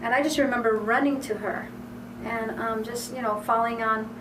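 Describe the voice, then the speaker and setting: A woman, the singer's sister, softly remembering a childhood moment in a documentary interview. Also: a little high, fairly even intonation, normal speed. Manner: soft, reflective, quoting herself and others. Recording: roomy distant mic with clear hiss.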